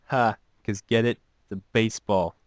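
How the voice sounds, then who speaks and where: A man's voice: fairly low pitch, steady tone, normal speed, dry recording. Dry-voiced man reading jokes aloud. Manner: dry, self-mocking asides after each joke. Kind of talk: casual joke reading with commentary.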